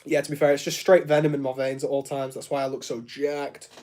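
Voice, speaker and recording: A man's voice: medium pitch, level tone, fairly quick, darkish tone. A man chatting casually on a live stream, answering viewers, joking and laughing often and filling his sentences with "like". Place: home studio room.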